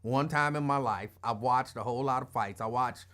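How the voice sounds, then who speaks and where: A man hosting a casual sports talk, explaining his view in a measured way. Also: medium pitch, fairly bright tone. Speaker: host.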